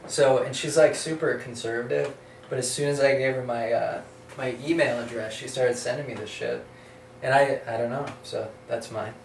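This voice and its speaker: A man's voice: mid-range voice, steady tone, moderate pace, vocal fry, far from the mic. A man chatting as a guest, hesitant and full of fillers. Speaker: band guest. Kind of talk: casual chat. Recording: roomy off-mic sound with faint hiss.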